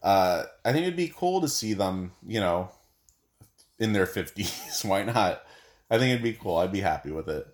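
A man with a fairly low voice, co-hosting a casual podcast. He talks in a loose, rambling way, full of jokes and asides. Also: animated, moderate pace. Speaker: podcast co-host. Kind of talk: casual chat.

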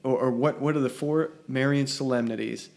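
A man's voice: medium pitch, steady tone, normal speed, vocal fry, a little mellow. Male host, mid-range voice, dry teasing humor, casual chat.

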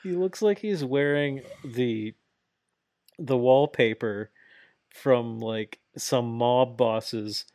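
A man co-hosting a podcast in casual chat, animated and laughing often, swearing freely. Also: medium pitch, drawn-out words, dry recording, studio quality. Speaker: podcast co-host.

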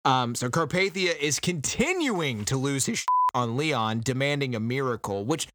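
A man's voice: medium pitch, moderate pace, dry recording. A man casually recapping a book on a podcast, sarcastic, acting out the characters in mocking voices. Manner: sarcastic, animated storytelling with mocking quoted voices. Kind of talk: casual chat.

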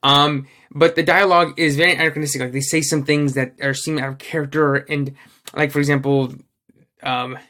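A man's voice: a little high, level tone, brisk, sharp tone. Rambling, profane male podcast co-host. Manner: rambling, many fillers and restarts, profane. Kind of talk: casual chat.

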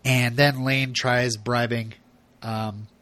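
A man's voice: mid-range voice, flat delivery, slow, a bit bright. A man casually recapping a TV episode as a podcast co-host, chatty and full of laughs and fillers.

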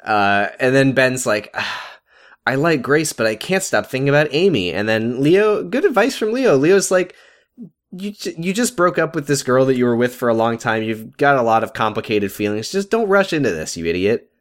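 A woman's voice: very deep voice, sing-song. A woman co-hosting a podcast, recapping a TV episode in casual chat and acting out characters' lines with jokes. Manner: jokey, acts out characters' lines in quick voices. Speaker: podcast co-host.

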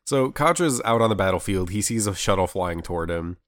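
A man's voice: low voice, animated, a little fast, fairly bright tone, no echo, clean studio sound. A young man recapping an anime episode in casual chat, rambling with fillers and restarts. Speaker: podcast co-host.

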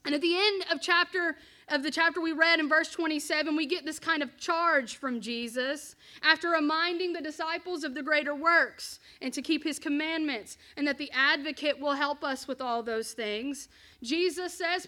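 A woman pastor preaching a sermon and telling a personal story, in an earnest, measured way. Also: high-pitched, sharp tone.

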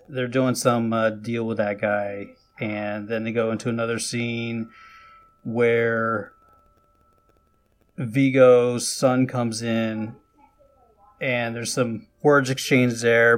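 A man talks through a film plot in loose, rambling chat, stopping to restart his sentences and acting out bits of the dialogue. His voice sits at an ordinary, mid-level pitch for a man. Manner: rambling retelling with restarts and quoted lines. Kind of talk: casual chat recapping a movie.

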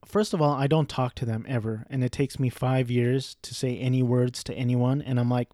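Male reviewer, casual rambling delivery with profanity, warm low-key tone, dry room. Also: flat delivery, moderate pace, no room sound. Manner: rambling, profane, self-deprecating. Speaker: movie reviewer. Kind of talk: casual movie review monologue.

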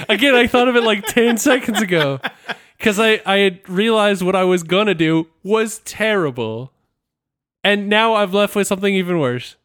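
A man's voice: high-pitched, moderate pace, a bit bright, dry recording, clean studio sound. Laughing, self-mocking podcast co-host, a man. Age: adult, married. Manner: rambling, self-deprecating, laughs often. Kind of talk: casual podcast chat.

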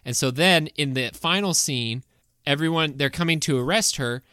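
Podcast co-host with a bright, dry-miked voice; acts out quotes when retelling. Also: mid-range voice, normal speed, smooth, dry recording. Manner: animated retelling, acting out quotes. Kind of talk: casual chat.

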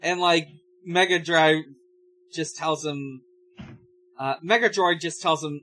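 A man on a casual podcast reads through a comic and stumbles along with lots of fillers and restarts. His voice sits on the higher side for a man, and he takes his time getting each thought out. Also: fairly even intonation, fairly bright tone, a little hiss or hum, poor audio. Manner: halting, many fillers and restarts. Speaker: podcast co-host. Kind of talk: casual chat reading a comic.

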